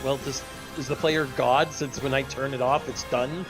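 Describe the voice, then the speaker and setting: A man co-hosting a casual chat about game trailers, animated and quick to laugh, with halting restarts. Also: mid-range voice, faint music behind. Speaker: co-host.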